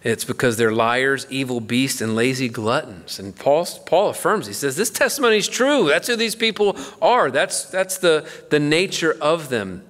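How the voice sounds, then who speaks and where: A man's voice: medium pitch, expressive, measured pace, few pauses, a bit bright. A middle-aged man, a pastor, teaching the Bible in a casual, conversational way and acting out a story with playful voices. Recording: long hall reverb.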